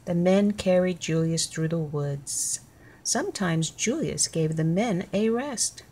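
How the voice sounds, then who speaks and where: A woman reading a children's picture book aloud in a clear, deliberate way. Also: on the low side, animated, warm tone. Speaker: storybook reader.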